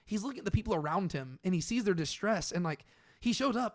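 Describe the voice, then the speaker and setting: Young male co-host, higher voice, chatty and animated in a casual scripture discussion. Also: quick pace. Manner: conversational, uses many "like"s, animated when paraphrasing. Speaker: podcast co-host. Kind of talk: casual Bible study discussion.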